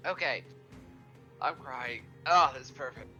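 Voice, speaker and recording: A man's voice: mid-range voice, slow pace, muffled recording, music in the background. A man playing a tabletop game, talking casually and hesitantly with many fillers. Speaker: player. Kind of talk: casual tabletop gaming chat.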